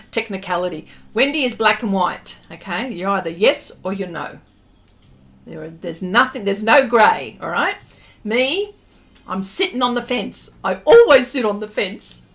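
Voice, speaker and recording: A woman with a fairly high voice chats at an unhurried pace as she hosts a live art session. She reads out her viewers' comments and answers them in a playful, self-teasing way, talking casually while she works. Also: a bit bright. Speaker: art livestream host.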